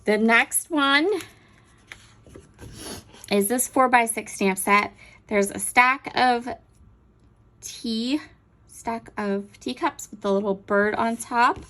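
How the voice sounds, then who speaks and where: A woman hosting a crafting video, chatting enthusiastically as she unboxes and describes stamp sets, pausing now and then to look things over. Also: fairly high pitch, a bit bright. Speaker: crafting channel host. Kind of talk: unboxing show-and-tell.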